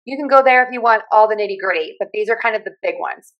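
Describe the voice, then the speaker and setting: A woman with a Pittsburgh accent talks through speech sounds like a friendly teacher, spelling out each point clearly and stopping to demonstrate vowels. Her voice sits at an ordinary middle pitch for a woman. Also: quick pace, fairly bright tone, highs cut off. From Pittsburgh, USA. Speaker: speech pathologist and communication coach. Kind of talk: explanatory talk on accents.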